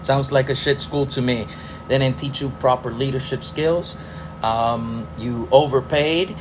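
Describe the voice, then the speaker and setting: A man's voice: mid-range voice, steady tone, a little slow, noisy background. A middle-aged man hosting a podcast, ranting angrily with profanity and sarcastic rhetorical questions. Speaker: podcast host. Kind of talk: ranting political commentary.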